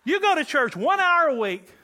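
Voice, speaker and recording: A man from Kentucky preaching a sermon to a church congregation, animated and joking with the listeners. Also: extremely high pitch, moderate pace. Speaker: pastor.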